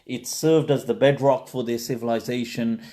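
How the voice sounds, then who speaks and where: A man's voice: mid-range voice, fairly even intonation, moderate pace, dark tone. A man hosting a live question and answer session, explaining at length in a conversational way with many fillers and restarts. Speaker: Islamic scholar answering questions. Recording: livestream.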